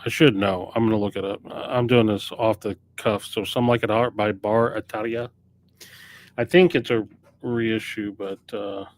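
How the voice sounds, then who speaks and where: Rambling, low-voiced record store guy. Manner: rambling, off-the-cuff, self-correcting. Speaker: record store owner streaming new arrivals. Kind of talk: casual live-stream chat.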